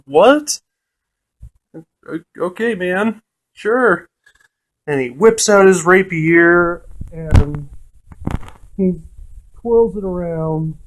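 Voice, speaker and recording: A man's voice: high voice, extremely slow, pauses often. A man casually recounting a tabletop game session, laughing often and swearing freely, with lots of fillers. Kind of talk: casual storytelling.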